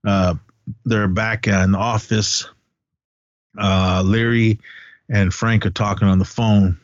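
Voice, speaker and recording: A man co-hosting a podcast casually recaps a movie, rambling through the plot with many restarts and lots of "he goes." His voice is lowish, flat and slow. The audio is muffled, dry and lo-fi with no echo.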